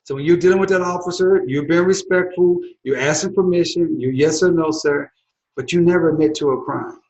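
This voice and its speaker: A man's voice: fairly high pitch, fairly quick, a little mellow, roomy sound, muffled recording. A man, an attorney, teaching people their rights in an instructional talk, repeating key phrases with the emphasis of a preacher. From United States. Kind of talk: direct-to-camera instructional talk.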